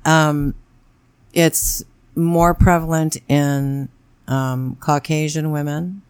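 A blunt woman in her forties chats frankly on a podcast and swears without a second thought. Her voice is smooth and resonant, recorded dry and close. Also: low-pitched, steady tone, very slow, darkish tone, dry recording. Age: 40s. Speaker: podcast co-host. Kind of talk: casual chat.

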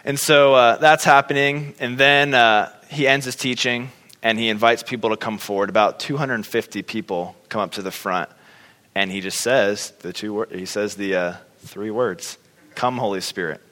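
A man's voice: fairly low pitch, steady tone, moderate pace, pushed and bright. A man telling a personal faith story in a casual, chatty way, with lots of fillers and acted-out reactions. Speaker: speaker sharing a testimony. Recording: long hall reverb.

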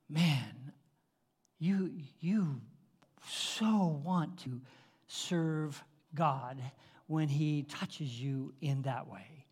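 A man preaching, telling a story in an animated way, with frequent restarts and chuckles. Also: fairly high pitch. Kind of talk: sermon storytelling.

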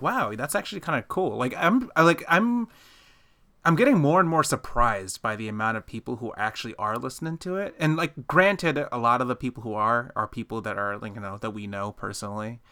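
A man co-hosting a podcast, chatting casually, laughing often and telling animated stories with quoted asides. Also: medium pitch, a little fast. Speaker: podcast co-host. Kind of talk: casual chat.

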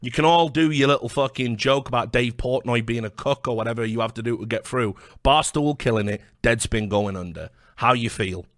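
A man's voice: medium pitch, fairly quick, hardly any pauses, a bit bright, no room sound, clean studio sound. A British man delivering a heated, profane video rant, combative and full of stammered restarts. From Britain. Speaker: online commentator.

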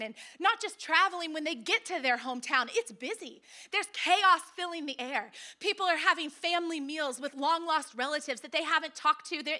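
A woman pastor delivers a sermon in a high, bright voice. She tells the story with lively, playful asides and talks straight to her congregation.

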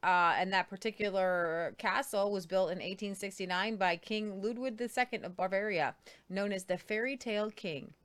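A woman's voice: mid-range voice, normal speed, fairly bright tone, smooth. A woman co-hosting a news commentary show, retelling stories conversationally and stumbling over names. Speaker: co-host.

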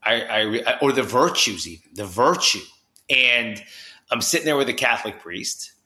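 High-energy storytelling man, bright roomy sound. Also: moderate pace. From New Jersey. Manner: high-energy storyteller, acts out quoted voices. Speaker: podcast guest. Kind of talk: personal storytelling in a podcast interview.

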